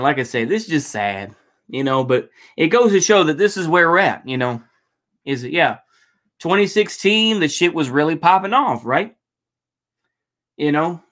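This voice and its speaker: Fairly high-pitched and fairly bright, this man comments casually on protest footage during a livestream. His talk rambles, full of profanity and filler words.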